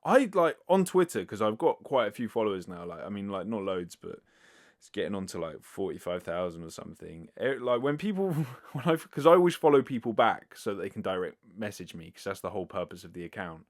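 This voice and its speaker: A man's voice: lowish voice, very animated, a little fast. A man hosting a casual solo podcast, answering listener questions in a rambling, filler-heavy way with casual swearing, speaking close to a sensitive mic. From United Kingdom. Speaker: podcast host. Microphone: close sensitive microphone.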